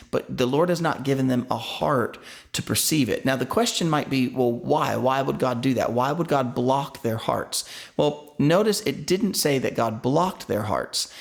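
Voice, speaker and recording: A man in his thirties, a pastor, preaching a sermon in a conversational way, asking his listeners questions and restarting words now and then. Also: medium pitch.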